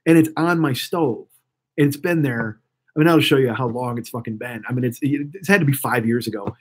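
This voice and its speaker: Fast-talking husky man. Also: medium pitch. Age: 40s. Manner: profane, rambling, often restarts mid-sentence. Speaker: live streamer. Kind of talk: casual rambling chat to a live audience.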